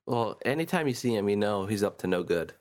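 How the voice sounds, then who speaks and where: A man's voice: fairly low pitch, animated, fairly quick, darkish tone. A man co-hosting a podcast, chatting casually in an easygoing way and often trailing off mid-thought. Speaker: podcast co-host. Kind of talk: casual chat.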